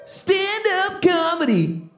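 A woman's voice: very high voice, big pitch swings, takes it slowly. A woman hosting a children's stand-up comedy podcast with a bubbly, laughing manner. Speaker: host. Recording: roomy echo.

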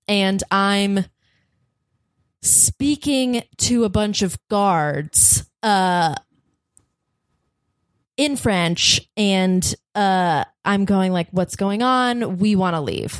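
A woman guest on a podcast tells a story in a casual, chatty way, at an average pitch for a woman. She talks in animated bursts, breaks into laughter often, swears freely and acts out the people she quotes. The sound is close and dry, with no room echo.

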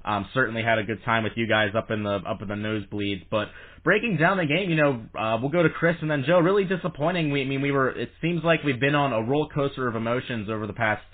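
A man's voice: medium pitch, fast talker. A man hosting a sports podcast, chatting casually with fillers and plugging the show. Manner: chatty, promotional, with frequent fillers. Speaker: podcast host. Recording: tinny phone-line sound.

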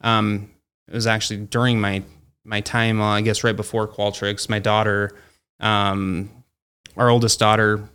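A man's voice: fairly low pitch, flat delivery, a little slow, fairly bright tone, clear, resonant tone. A man who founded a company, speaking as a guest and telling a story casually, with plenty of fillers like "like" and "you know". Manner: acts out quoted dialogue in his stories.

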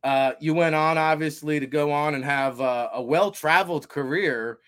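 Man, New Jersey accent, sports talk host, chatty, upbeat, somewhat high voice. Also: moderate pace, fairly bright tone, clean tone. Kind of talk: casual sports interview.

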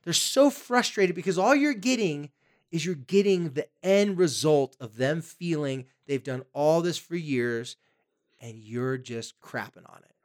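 A man's voice: a little high, animated, a little slow. A man co-hosting a podcast, giving casual advice in an emphatic way and acting out the parents and teens he quotes. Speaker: podcast co-host.

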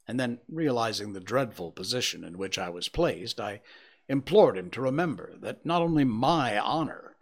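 A man reading a dramatic story aloud in an expressive, theatrical way. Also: mid-range voice, normal speed. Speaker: audiobook narrator.

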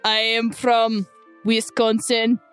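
Woman playing a deadpan foreign-accented woman. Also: on the high side, moderate pace, soft background music, lightly acted. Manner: deadpan, blunt. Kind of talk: tabletop role-play.

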